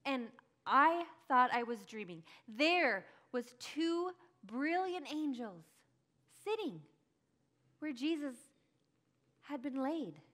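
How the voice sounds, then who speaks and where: Woman playing a grieving follower, dramatic monologue, high voice, slow telling, emotional. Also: sharp tone, exaggerated voice. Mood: anguished. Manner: emotional, breathless storytelling, cries out in high bursts. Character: grieving woman, early follower, tender and earnest. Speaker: church dramatic monologue performer. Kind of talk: first-person dramatic monologue.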